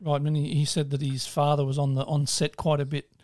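Male co-host, slightly high voice, agreeable and hesitant. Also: completely flat delivery, fairly quick, a little mellow, no room sound, studio quality. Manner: agreeable, brief interjections, hesitant restarts. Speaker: film review co-host. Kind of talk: casual film review chat.

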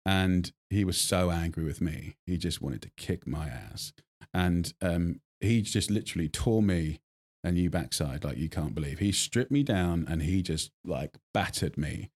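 A deep-voiced English man in his forties chats as an interview guest. He tells lively stories, stumbling through restarts and fillers. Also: a little slow. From England. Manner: animated storytelling, many fillers and restarts. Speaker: guest chef. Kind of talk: casual interview chat.

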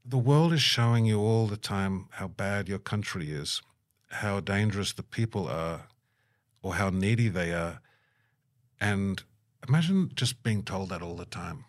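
A middle-aged man in an interview, telling stories with lively energy and acting out the people he quotes. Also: low voice, unhurried. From Australia. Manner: animated, puts on voices when quoting people. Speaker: guest. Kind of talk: storytelling interview.

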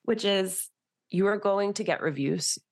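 A woman's voice: medium pitch, a little slow. A woman guest, an author and TV host, talking in casual conversation and animatedly acting out the things she and others said. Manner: animated, quotes herself in jumpy voices.

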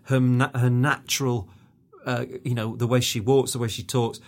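A man's voice: medium pitch, little pitch movement, moderate pace. A man co-hosting a podcast, talking casually and enthusiastically about a TV show, often restarting his sentences. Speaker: podcast co-host. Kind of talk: casual chat.

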